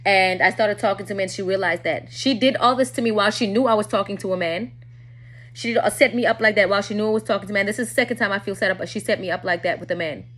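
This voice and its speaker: A woman telling a personal story to her viewers in a candid, casual way, often dropping low and quiet. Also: quick pace.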